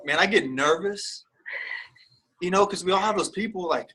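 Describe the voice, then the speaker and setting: A man's voice: high voice, moderate pace, sharp tone, husky. A man speaking as a guest in a casual interview, rambling and candid, with lots of fillers and restarts.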